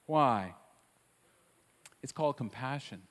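Man, preacher, sermon, dynamic delivery, soft asides then loud repeated lines, voice ringing in a big church. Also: mid-range voice, expressive, slow. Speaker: pastor. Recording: long reverb of a large hall.

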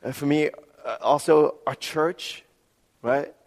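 Gravelly man preaching in a reverberant hall. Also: a little high, slow pace. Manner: earnest, animated storytelling with repeated "right?". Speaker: pastor. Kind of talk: sermon.

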